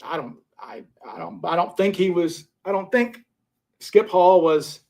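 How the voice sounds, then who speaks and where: A man's voice: sits high, a little slow, creaky, a little mellow. A man hosting a live stream, casually reading viewer comments and rambling through his scoring of suspects. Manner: rambling, repeats and restarts while scoring suspects. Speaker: livestream host.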